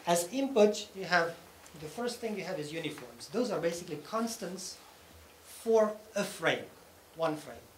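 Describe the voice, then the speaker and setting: Speaking at a measured pace, this conference speaker has a high, expressive voice. He walks through his technical talk step by step, frequently checking in with listeners, while the hall echoes and faint room noise lingers.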